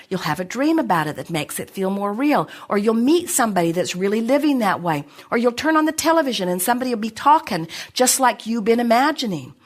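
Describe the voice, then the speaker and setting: A woman's voice: medium pitch, a bit bright. A middle-aged woman giving an inspirational seminar talk to an audience, speaking emphatically as "we". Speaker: spiritual speaker answering an audience.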